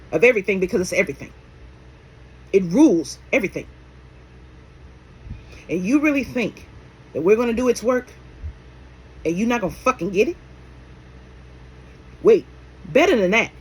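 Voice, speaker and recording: A spiritual healer talks straight to camera with a lively, swooping delivery that rises and falls on every point. The talk is blunt and full of swearing, with rhetorical questions thrown at the listeners. Faint noise hums under the voice. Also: mid-range voice, low-quality recording. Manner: calls the audience endearments like baby and my love.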